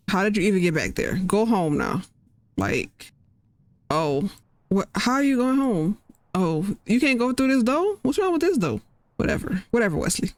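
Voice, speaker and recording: A woman hosting a casual let's-play, chatting and rambling in a slangy way as she plays. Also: lowish voice. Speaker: gaming channel host.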